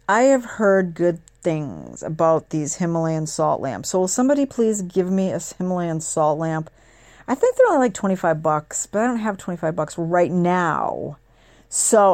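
A woman hosting a casual talk show, rambling and sarcastic with quick asides. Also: on the low side, darkish tone, dry recording, studio quality. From northeastern United States. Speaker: host. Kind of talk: casual chat.

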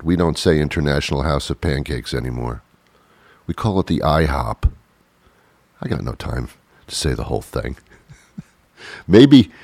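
A man's voice: extremely low pitch, a little mellow, dry recording. A man hosting a show, rambling through a wry comic monologue and acting out both sides of imagined conversations. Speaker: radio show host.

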